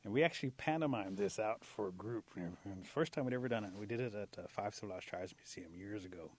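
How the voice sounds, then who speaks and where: A man telling a traditional animal folktale aloud in an animated way, leaning on the key words. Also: on the low side, fast talker. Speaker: storyteller. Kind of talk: oral folktale storytelling.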